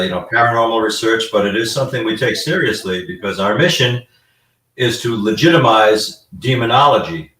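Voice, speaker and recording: A man's voice: lowish voice, fairly bright tone, echoey room, far from the mic, poor audio. A man guest explaining his research in a casual live-stream chat, rambling with frequent fillers. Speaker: guest demonologist.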